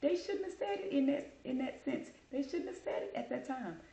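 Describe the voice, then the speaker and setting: A woman voicing a flustered, apologetic female customer service agent, high and gushing. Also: animated, normal speed, creaky, mellow, reverberant. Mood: gushing apology.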